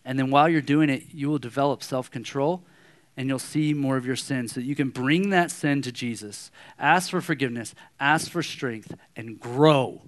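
A man's voice: medium pitch, normal speed. A man in his thirties preaching a sermon as a pastor, telling personal stories in a conversational way and acting out anger. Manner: conversational storytelling, animated when acting out anger.

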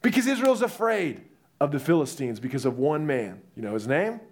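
A young man preaching a sermon, telling the story in a lively way and acting out the voices. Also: fairly high pitch, a little fast.

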